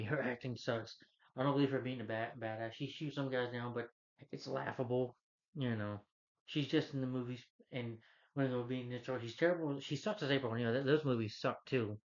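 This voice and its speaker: A man's voice: medium pitch, highs cut off. A man giving an unscripted rant of a movie review, blunt and rambling, who keeps repeating himself and dropping filler yeahs.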